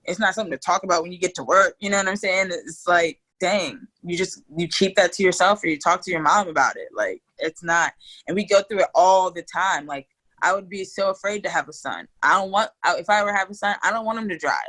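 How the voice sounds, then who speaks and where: A hyped woman chatting as a guest on a podcast, with a bright, sharp edge to her voice. She tells her stories in an animated, fast-moving way. She keeps things loose and casual and swears without holding back. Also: on the low side, low-quality recording.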